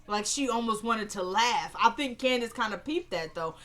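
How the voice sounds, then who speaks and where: A woman's voice: a little high, animated, moderate pace, a bit bright. Chatty woman recapping a TV episode. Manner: chatty, rambling, opinionated. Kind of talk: casual spoken recap.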